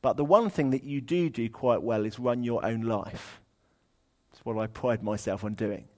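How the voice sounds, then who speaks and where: A man's voice: medium pitch, normal speed, darkish tone. A man preaching a sermon in a chatty, humorous way, animating the verses he reads aloud.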